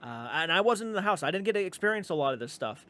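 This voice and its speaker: A man's voice: high-pitched, big pitch swings, quick pace, pushed and bright. A man hosting a reaction video, talking casually and rambling, with restarts and casual swearing. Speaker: reaction channel host.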